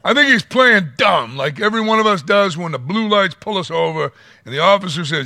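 A man delivers a sermon with a bright, lively voice that leaps up and drops low as he acts out quotes. The sound is close and dry, with no room around it. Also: fairly quick, creaky, no echo. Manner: animated, dramatic voice swings, acts out quotes. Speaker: pastor.

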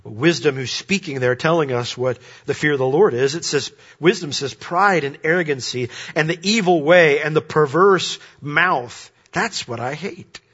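A man preaching a sermon, swinging between loud, emphatic points and quiet, hushed asides. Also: a little high, normal speed, hardly any pauses, breathy edge. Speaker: pastor. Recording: dull lo-fi sermon recording.

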